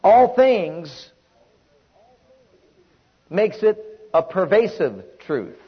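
Man, preacher, husky, high-pitched, emphatic repetition, dull recording. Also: sing-song, extremely slow. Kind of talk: sermon.

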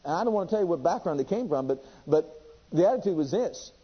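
A man preaching a sermon with passion, reading scripture aloud and swinging between loud and hushed delivery. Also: a little high, expressive, fast talker, husky, long reverb tail. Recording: dull lo-fi sermon recording.

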